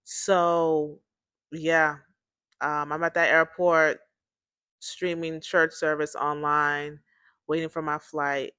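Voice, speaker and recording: A woman's voice: sits low, level tone, slow, pauses often, sharp tone, clean tone, dry recording, clean studio sound. A woman hosting her own series, telling a personal story in a casual, rambling way, repeating herself and talking to listeners as "y'all.".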